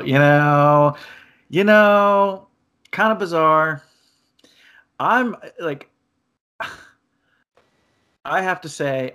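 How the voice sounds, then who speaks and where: A man's voice: on the high side, fairly bright tone. A man hosting a podcast in casual chat, joking and poking fun at himself. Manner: jokey and self-deprecating. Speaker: podcast host.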